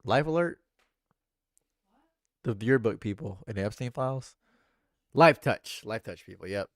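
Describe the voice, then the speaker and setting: A man chatting casually on a livestream, animated and laughing often, swinging between loud high bursts and low mutters. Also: measured pace, dry recording, clean studio sound. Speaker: livestream streamer.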